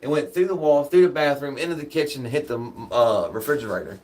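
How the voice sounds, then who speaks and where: A man's voice: on the high side, quick pace, darkish tone. A man telling rambling, profane stories in casual chat, laughing often and drifting off on side tangents.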